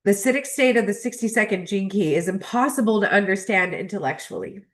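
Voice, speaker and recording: Speaking fairly quickly with lively intonation, this mid-range female voice belongs to a young adult host of a spiritual astrology channel. Emotional and choked up, she laughs between passages as she reads and reflects on a spiritual text.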